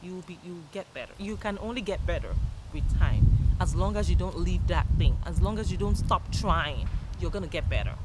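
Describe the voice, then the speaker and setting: An upbeat woman gives a motivational talk in a chatty, energetic style. She laughs often and now and then jumps into loud, high-pitched greetings. Steady traffic noise is clearly heard behind her voice. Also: normal speed. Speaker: motivational YouTuber.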